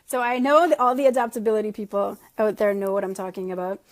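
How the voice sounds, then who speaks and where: Talking fast in a mid-range voice with fairly even intonation, this middle-aged network marketing team leader runs a casual call with her sales team. She chats away, pokes fun at herself, and laughs a lot.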